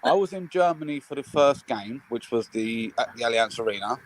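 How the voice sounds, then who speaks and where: A man's voice: medium pitch, expressive, fairly quick, dry recording, rough recording. A young man, chatting casually about football on a live watchalong, swearing freely and raising his voice when he retells his outbursts. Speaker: watchalong co-host.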